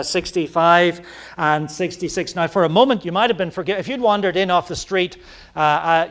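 A man preaching a sermon, halting often on fillers, then pressing points with rising emphasis. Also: a little high, a bit bright.

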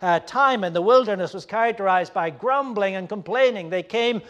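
A pastor with a high voice preaches a sermon earnestly but haltingly, using many fillers and restarts, and he gets louder when voicing complaints. The recording sounds muffled.

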